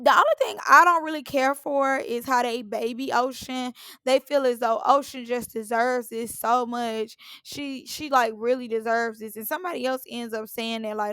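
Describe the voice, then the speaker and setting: Woman, sassy recap host, slightly high voice, dry close mic. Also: vocal fry, fairly bright tone, smooth, dry recording. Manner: opinionated, sassy, blunt asides. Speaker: reality show recap host. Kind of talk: casual recap commentary.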